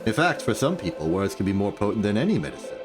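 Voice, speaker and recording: An actor playing a gentle, reflective male clinical psychologist in a game cutscene. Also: fairly low pitch, music in the background. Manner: calm, reflective, measured.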